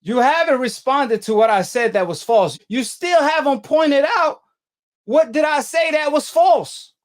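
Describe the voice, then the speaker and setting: A man with a high voice hosts a heated call-in debate and keeps firing the same challenge at his caller. His talk is slangy and combative, and he speaks English with Arabic as his first language. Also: expressive, unhurried. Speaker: talk show host.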